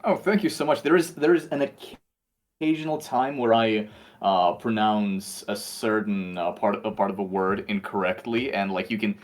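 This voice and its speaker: Lower-voiced man, faint Russian accent. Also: moderate pace. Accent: faint Russian accent, mostly American-sounding English. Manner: hesitant, full of uh's and restarts, earnest. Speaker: voice actor guest. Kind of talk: casual podcast chat.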